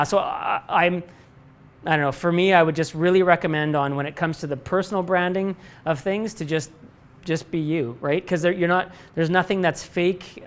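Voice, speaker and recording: A middle-aged company president answers student questions in a live talk before an audience in a lecture room, speaking candidly, rambling, restarting often, and swearing casually. His voice is on the high side, with a clear, resonant tone.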